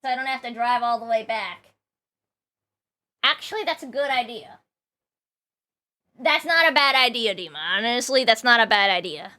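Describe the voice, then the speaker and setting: High-voiced chatty woman streamer. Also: moderate pace, long pauses. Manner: chatty, reads chat aloud, self-mocking. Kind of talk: casual gameplay commentary. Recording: loud game music behind.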